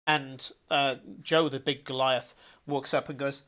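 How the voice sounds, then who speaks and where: A man narrating as game master, bursting into loud character voices. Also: medium pitch, a little slow. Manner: animated, shouting out character lines.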